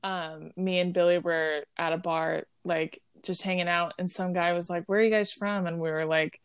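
Podcast co-host, young Californian woman, smooth clear voice, dry close sound, wry sarcastic. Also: on the low side, flat delivery, dry recording. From California, United States. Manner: wry, sarcastic, quick to laugh. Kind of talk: casual chat.

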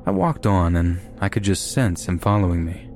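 A man giving a measured, scripted narration of reader-submitted true horror stories. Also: low-pitched. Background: soft background music.

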